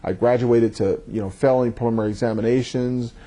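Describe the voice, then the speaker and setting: A man, a judge, giving thoughtful and measured interview answers, often repeating words as he starts a thought. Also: mid-range voice, fairly even intonation, mellow.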